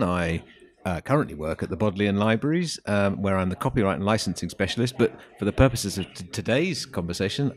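Lively, lower-voiced man, wry and hesitant. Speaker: podcast guest, copyright specialist. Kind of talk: casual podcast chat. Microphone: wearing headphones.

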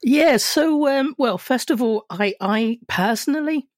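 A woman guest on a podcast, telling stories in an animated, self-deprecating way with frequent laughter. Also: high-pitched, unhurried, no echo, clean studio sound. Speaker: podcast guest, education professional. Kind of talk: casual podcast discussion.

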